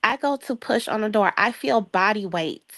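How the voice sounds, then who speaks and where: A young adult woman from the Chicago area, a guest telling a long story in a casual chat, lively and acting out the voices of the people in it. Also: medium pitch, moderate pace. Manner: lively, acts out quoted voices, laughs often.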